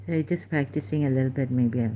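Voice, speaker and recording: Her voice is rumbling low and warm, and she talks fast against slight background noise. This ex-Muslim commentator delivers a casual monologue to camera as she hunts for verses, hesitating, filling pauses and restarting often.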